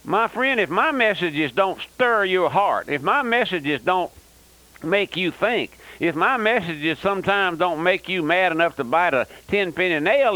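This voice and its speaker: Old radio preacher guy, fiery, high pitched, swings his voice all over. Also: sharp tone, dry recording, low-quality recording. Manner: fiery, emphatic, repeats "that's right". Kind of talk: radio sermon.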